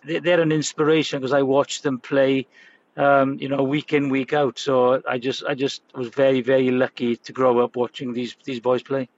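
A man speaking as a guest in casual chat, halting and repeating himself with many fillers. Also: medium pitch, little pitch movement. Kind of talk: casual chat over a phone line. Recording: dull lo-fi remote line with faint noise.

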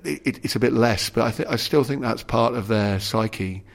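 A middle-aged man, a former rugby player, talks through his memories as an interview guest. His voice sits at an ordinary middle pitch. He rambles, restarts his sentences and leans on "you know". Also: normal speed, gravelly. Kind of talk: casual conversational interview.

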